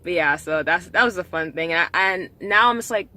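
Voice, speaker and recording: Bright-voiced rambling woman vlogger. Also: on the low side, a little fast, poor audio. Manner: rambling, many fillers and restarts. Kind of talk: casual vlog monologue.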